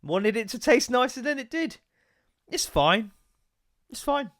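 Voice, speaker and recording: Over soft background music, a man with a very high-pitched, lively voice speaks a little slowly in a fairly bright tone. He hosts a solo podcast while congested with a cold, rambling, swearing, and dropping into goofy voices during a casual rant.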